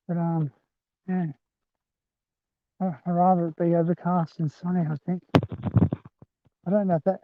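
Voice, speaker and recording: A high-pitched man chats loosely to livestream viewers, calling them "guys," as he walks a rural rail trail with his phone in hand. It's a rambling live walking vlog. The sound is thin and phone-like, with no room sound.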